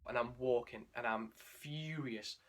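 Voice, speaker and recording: A man's voice: medium pitch, measured pace. A young man, a running vlogger telling his race story in a candid, emotional, rambling way with restarts. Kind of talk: candid spoken race recap.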